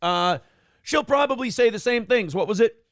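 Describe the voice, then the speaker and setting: A man's voice: extremely high pitch, lively intonation, moderate pace, a bit bright, no room sound, studio quality. A male morning show host giving sarcastic, crude commentary and reading viewer chat aloud. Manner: crude, sarcastic, swears freely. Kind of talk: casual live-stream commentary.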